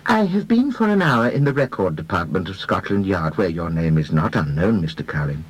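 A man voicing a gentle, precise middle-aged detective in an audiobook, with a husky tone and deliberate phrasing. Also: low voice, very animated, dull audio, exaggerated voice. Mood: gently stern. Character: mild middle-aged male detective, careful, polite. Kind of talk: audiobook character voice.

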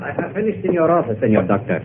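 An actor playing a smug, menacing police detective with a Spanish accent and a silky way of making veiled threats, in 1950s radio drama acting. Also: male voice, fairly high pitch, very animated, rapid-fire, noisy background. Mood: sly. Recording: narrow-band old radio broadcast.

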